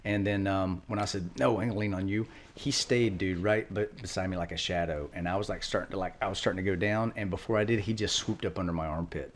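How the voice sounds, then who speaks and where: Middle-aged male guest, deep voice, rapid relaxed storytelling. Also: slight background noise. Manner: relaxed storytelling with fillers and quoted dialogue. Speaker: guest, retired Marine. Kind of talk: casual interview.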